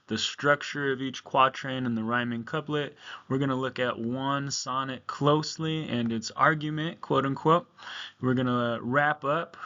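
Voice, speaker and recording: A male teacher talks through a lesson on video in a relaxed, conversational way, full of fillers and check-ins. His voice sits at an ordinary middle pitch. The recording is a little muffled and lo-fi, like a computer mic. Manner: casual, talkative, many ums and okays. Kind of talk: recorded classroom lecture.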